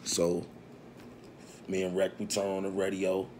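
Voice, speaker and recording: Low-voiced man telling a slangy story. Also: monotone, a little slow, darkish tone, slight background noise. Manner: slangy, acts out quoted dialogue. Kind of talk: casual storytelling.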